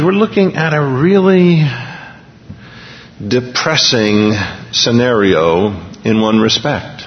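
A male pastor preaching a sermon in a conversational way, reading a news item aloud and restarting his sentences as he goes. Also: medium pitch. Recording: dull lo-fi recording with long hall reverb.

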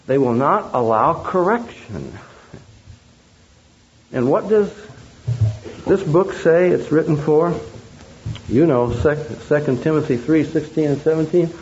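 A man's voice: fairly high pitch, lively intonation, a little slow, long pauses, darkish tone, slight background noise. A man preaching a sermon, emphatic and full of rhetorical questions to the audience. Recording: dull lo-fi recording.

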